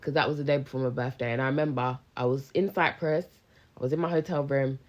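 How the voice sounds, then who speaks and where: A young woman with a low voice chats on a live stream, slangy, lively and thanking viewers as she goes. She talks like a friendly business coach straight into her phone. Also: fast. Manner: chatty, slangy, animated, responds to viewers. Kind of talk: casual live-stream chat. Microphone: handheld phone live stream.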